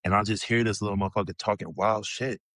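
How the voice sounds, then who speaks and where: Brief: low-pitched man in his 30s, loose swearing storyteller, dry close sound. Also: quick pace, dry recording. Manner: profane, animated storyteller, many "bro" and "like" fillers. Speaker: podcast guest, former pro basketball player. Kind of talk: casual storytelling.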